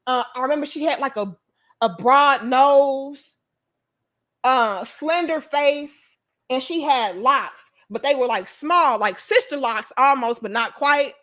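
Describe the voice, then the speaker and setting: A young woman with a high, bright voice, chatting straight to her viewers. She tells her story in a loose, animated way, swears freely, and keeps calling them y'all. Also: slow. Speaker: vlogger.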